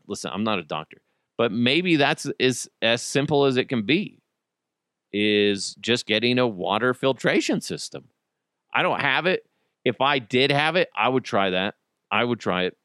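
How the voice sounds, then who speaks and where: A man with a bright, forceful, medium-pitched voice is recorded in studio quality with no room sound. As a podcast host, he rambles through a casual comic monologue full of swearing, laughing at his own jokes.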